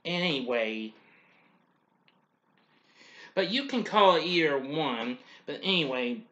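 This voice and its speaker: Bright-voiced man rambling through a review. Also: on the high side, expressive, takes it slowly, highs cut off. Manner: rambling, heavy on "well" and "anyway" asides. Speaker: cartoon reviewer and host. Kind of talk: casual spoken review.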